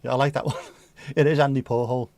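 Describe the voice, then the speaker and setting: A man's voice: mid-range voice, fairly even intonation, fast talker, darkish tone, no room sound. A man hosting a casual livestream who reads viewer comments in a jokey, rambling, playful way. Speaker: livestream host.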